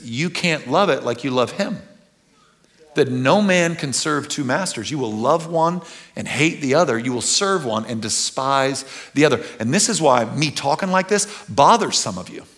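A man preaching a sermon as pastor, animated and earnest, swinging from loud excitement to quiet intensity. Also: a little high, a little slow.

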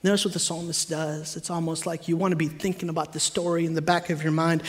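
Guy pastor, kinda high voice, chatty fired-up sermon. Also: fast, hardly any pauses. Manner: animated, conversational preaching.

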